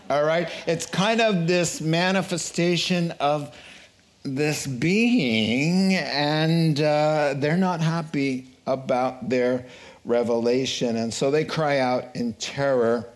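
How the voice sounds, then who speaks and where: Slow, playful male preacher. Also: on the high side. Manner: animated, playful, acts out scenes in voices. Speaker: preacher teaching a Bible study. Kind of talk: sermon.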